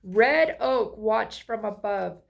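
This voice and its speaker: A woman's voice: medium pitch, animated, takes it slowly, vocal fry. A woman reading a children's picture book aloud, asking the listener friendly questions along the way. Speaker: storybook reader.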